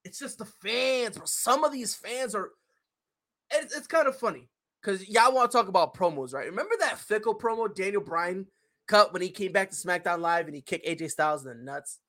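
A man's voice: high voice, expressive, moderate pace, pushed and bright. A young adult man hosting a podcast, ranting in a profane, fired-up, slangy way. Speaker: podcast host. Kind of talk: opinionated casual podcast rant.

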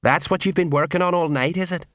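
A man's voice: fairly high pitch, fast, a bit bright, dry recording, studio quality, pitched above the performer's own voice, close to an everyday voice. A man voicing a tired, middle-aged city watch sergeant in a storybook reading. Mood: weary. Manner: weary.

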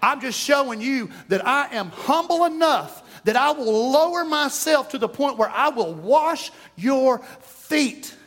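A man voicing Jesus as gentle and humble, coaxing his followers in an earnest way. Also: very high voice, lively intonation, measured pace, few pauses, big-room sound, full character voice. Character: gentle humble adult male Jesus washing feet.

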